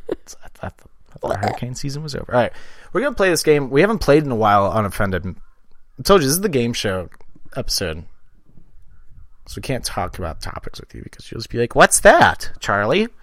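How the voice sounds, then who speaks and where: A man's voice: medium pitch, a little fast, pauses often, no room sound, clean studio sound. A man hosting a podcast in casual chat, joking and swearing freely. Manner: joking, profane, lively. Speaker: podcast host.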